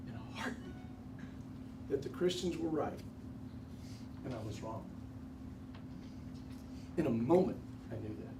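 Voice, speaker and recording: A candid, repentant former persecutor from ancient times, played by a man who tells his story straight to the listeners with folksy asides. His voice sits high for a man. It is recorded from a distance in a roomy hall, with clear background noise. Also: close to an everyday voice. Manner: conversational, addresses the audience directly, folksy asides. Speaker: actor portraying a biblical figure for a church class. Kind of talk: first-person dramatic monologue. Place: church classroom.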